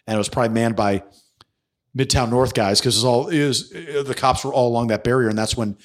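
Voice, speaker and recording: A podcast host with a mid-range voice talks fairly quickly, telling a story in casual conversation. He acts out the voices of the people he quotes and swears freely.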